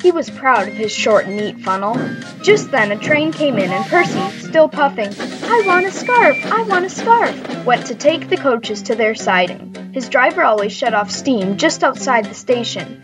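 A woman narrating a children's railway story in a brisk, lively way. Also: fairly high pitch, low-quality recording. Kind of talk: storybook read-aloud. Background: background music.

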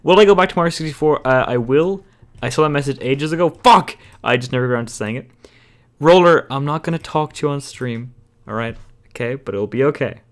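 A man's voice: medium pitch, brisk. A man streaming a game live and chatting casually with friends and viewers. He jokes and teases a lot, often breaking into laughter. His voice sits in an ordinary middle range. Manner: joking, teasing, laughs often. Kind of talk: casual gaming chat, reading out chat messages.

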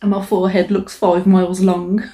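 A woman's voice: on the low side, level tone, moderate pace, warm tone. A young woman chatting casually and swearing freely while eating on camera. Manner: chatty, sweary and self-mocking. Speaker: mukbang vlogger. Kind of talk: casual eating-show chat.

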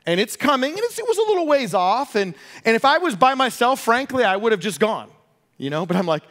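A pastor preaching a sermon, telling a personal story with lively, self-deprecating humor. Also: male voice, very high voice, a little fast.

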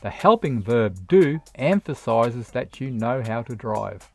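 A narrator giving a scripted grammar lesson for English learners, explaining each point slowly and deliberately with read-out examples. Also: medium pitch, lively intonation, soft background music. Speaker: English teacher.

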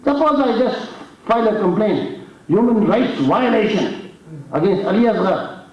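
A man's voice: high voice, lively intonation, moderate pace, darkish tone. A man with an Indian accent preaching a sermon, telling a story dramatically and raising his voice for the challenges. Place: mosque hall. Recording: echoey hall, distant mic, dull sound.

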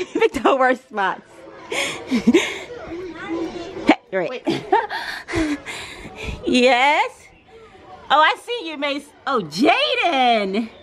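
High, lively woman laughing through a vlog. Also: extremely slow, pauses often. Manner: playful, laughs often, teasing. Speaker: family vlogger. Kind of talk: casual family vlog. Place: vacation resort. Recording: loud crowd chatter behind.

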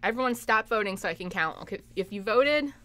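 A woman's voice: medium pitch, lively intonation, fairly quick, a bit bright. A young woman chatting through a live game stream, giggling often and reacting to her chat. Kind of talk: live gameplay commentary.

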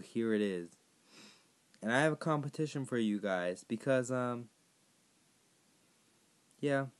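A hoarse man who has partly lost his voice, chatting casually to viewers as he plays a game and sets tasks for them. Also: mid-range voice. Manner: rambling, chatty, addressing viewers directly. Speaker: gaming YouTuber. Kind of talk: casual gameplay commentary.

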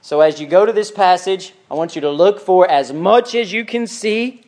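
High-voiced man teaching a Bible class. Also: normal speed, a little mellow. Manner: conversational, asks the class questions, reads scripture with emphasis.

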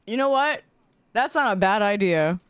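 A woman's voice: mid-range voice, lively intonation, normal speed, clear, resonant tone, no echo. A woman game streamer chatting casually with her viewers, goofy and rambling, poking fun at herself and laughing often. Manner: goofy, rambling, self-mocking.

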